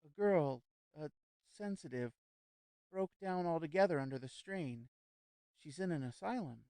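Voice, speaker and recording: A fretful high-society lady who stammers and repeats herself as she warns of danger, her voice lifted well above a man's usual pitch, as a male narrator puts her on. She talks in a smooth, clear tone with no room around it, like a storybook reading. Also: animated, measured pace, a little mellow, no room sound. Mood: anxious. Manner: nervous, hesitant, stammering repeats. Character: anxious fussy society lady hostess.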